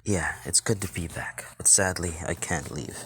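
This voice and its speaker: A man voicing a meek male dragon spirit who stammers in a hushed, breathy near-whisper. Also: low-pitched, moderate pace.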